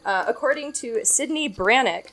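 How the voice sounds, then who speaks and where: A woman's voice: on the high side, animated, normal speed, fairly bright tone, slight background noise. A woman hosting a podcast, explaining facts in casual chat and laughing often. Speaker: podcast host.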